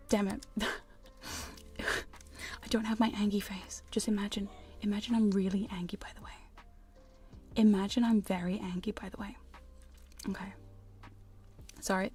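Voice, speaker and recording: Woman, whispered livestream chat, soft mellow whisper, giggly, rambling, studio condenser mic. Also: mid-range voice, steady tone, a little slow, long pauses, breathy edge, soft background music. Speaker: ASMR streamer. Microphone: studio condenser microphone.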